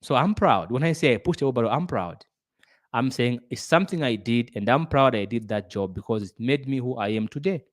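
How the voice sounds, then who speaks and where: A man's voice: medium pitch, animated, fast talker, hardly any pauses. A middle-aged man giving a motivational business talk, earnest and preachy, repeating phrases for emphasis. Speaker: business speaker.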